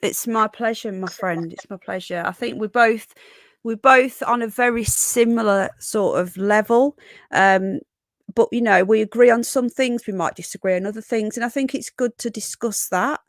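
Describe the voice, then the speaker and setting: A woman's voice: a little high, moderate pace, no room sound. Chatty woman hosting a live stream. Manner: chatty, affectionate, greets viewers one by one. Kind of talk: casual live stream chat.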